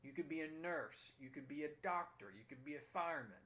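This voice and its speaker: A man's voice: on the high side, brisk, sharp tone. A young man hosting a motivational talk, telling a story in an earnest, emphatic way. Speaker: host.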